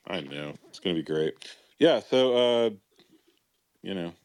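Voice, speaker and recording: A man's voice: sits low, expressive, unhurried, darkish tone, smooth. A man co-hosting an online chat, talking casually with many fillers. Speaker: podcast co-host.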